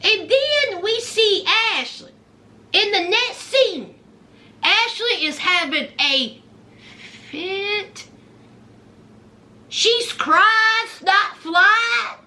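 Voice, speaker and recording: A woman giving sassy, animated casual commentary on a reality show, with folksy asides. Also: extremely high pitch, very slow, long pauses.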